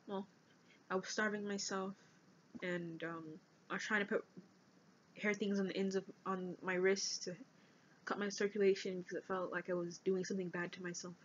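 An eighteen-year-old woman vlogging about her own life, speaking earnestly and haltingly as she reads from notes. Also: medium pitch, slight background noise. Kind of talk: personal confessional vlog. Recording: dull lo-fi recording.

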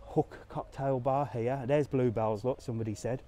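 A man's voice: medium pitch, steady tone, moderate pace, mellow, slight background noise. A man live-streaming a walking tour of a resort town, chatting casually and answering comments as he goes. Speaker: travel vlogger on a live walk. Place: outdoors in a resort town streets and squares.

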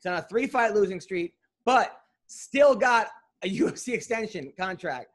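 A man's voice: high-pitched, animated, normal speed. A man hosting a podcast, chatting loosely and joking over a video call. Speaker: podcast host. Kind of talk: casual chat on a video call.

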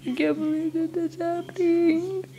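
A woman improvising a playful story, acting it out melodramatically with shrieks and hushed whispers. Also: extremely high pitch, flat delivery, measured pace, highs cut off. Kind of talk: improvised play-acting narration.

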